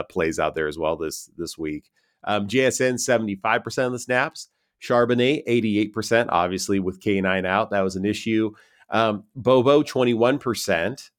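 A man co-hosting a casual sports podcast, chatty and self-mocking, running through lists of numbers. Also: lowish voice. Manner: loose and self-mocking, reads stats in quick lists. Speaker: podcast co-host.

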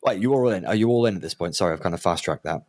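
Game master narrating a tabletop game. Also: male voice, low-pitched, expressive, rapid-fire, darkish tone, no room sound, studio quality. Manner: rambling, many fillers and restarts.

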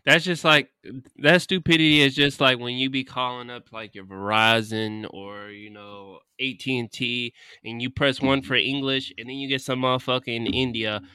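Bright, crisp-voiced man ranting bluntly. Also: medium pitch, fairly even intonation, normal speed, dry recording. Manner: blunt, profane, emphatic ranting. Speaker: podcast co-host. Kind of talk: casual chat. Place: Houston.

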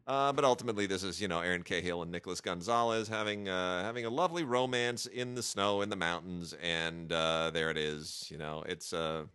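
Joking podcast guy, bright clear voice, dry close mic, lotsa ums. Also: low voice, brisk, hardly any pauses, no room sound. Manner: wry, joking, many fillers and restarts. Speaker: podcast host reviewing home video releases. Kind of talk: casual chat.

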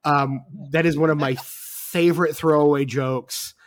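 A man's voice: a little high, fairly even intonation, moderate pace, no room sound, clean studio sound. Rambling enthusiastic male podcast host. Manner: enthusiastic, rambling, heavy on "like", swears freely. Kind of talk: casual film discussion.

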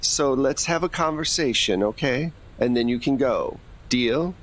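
A bossy undercover detective in a put-on American accent, as a man acts him out. He speaks firmly and coaxes with quiet menace, in a plain mid-pitched voice. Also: measured pace, natural voice. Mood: stern. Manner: firm, commanding, coaxing.

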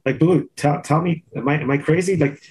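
A man's voice: fairly high pitch, a little fast, a crowd in the background, low-quality recording. A man chatting casually as a podcast host, loose and teasing, drawing out his words. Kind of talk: casual chat.

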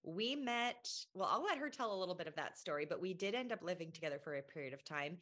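A woman hosting a faith podcast, teaching with earnest emphasis and chatting warmly with a friend. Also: on the low side, lively intonation, fast talker, dry recording. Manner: earnest, emphatic, laughs often. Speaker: podcast host.

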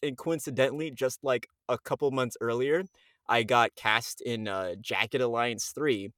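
A man's voice: mid-range voice, a little slow, no room sound, studio quality. A male voice actor and podcast guest telling a story casually, acting out his own past reactions with many "like"s. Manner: animated, acts out his past reactions with lots of "like".

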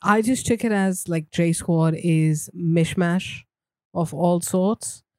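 A woman co-hosting a podcast, chatting about a movie in a calm, agreeable, measured way. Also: on the low side. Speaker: podcast co-host. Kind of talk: casual movie chat.

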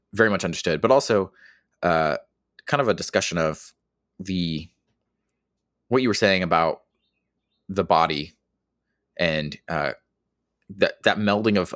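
A man's voice: sits low, a bit bright, dry recording, studio quality. A man co-hosting a podcast, laying out his points in order in a thoughtful way. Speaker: podcast co-host. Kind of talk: casual discussion.

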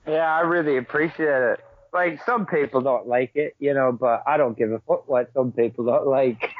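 A man's voice: mid-range voice, a little hiss or hum. A man, talking brashly and swearing a lot in a casual podcast chat. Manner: brash, sweary, fast and animated. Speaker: podcast guest. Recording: tinny call line, dry.

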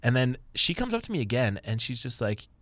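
A man co-hosting a casual podcast, telling an animated story with quick restarts. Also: mid-range voice, dry recording, clean studio sound. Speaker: podcast co-host.

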